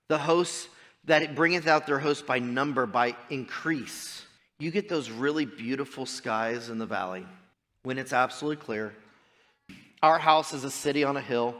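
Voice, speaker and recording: A man, preaching a sermon as pastor, moving between loud emphatic preaching and quiet personal storytelling. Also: mid-range voice. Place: church sanctuary. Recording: long church reverb.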